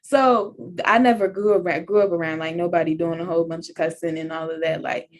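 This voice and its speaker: A young woman co-hosting a podcast with her mother, talking in a relaxed, conversational way with lots of "like". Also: fairly low pitch, slight background noise. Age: young adult. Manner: relaxed, conversational, drawn-out filler "like". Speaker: podcast co-host, daughter. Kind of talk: casual chat.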